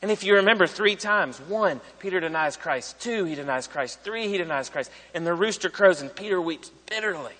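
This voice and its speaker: Bright-voiced preacher in an echoing hall. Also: male voice, sits high, animated, brisk, hardly any pauses. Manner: conversational preaching, repeats phrases and tags lines with "right?". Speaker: pastor. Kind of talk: sermon.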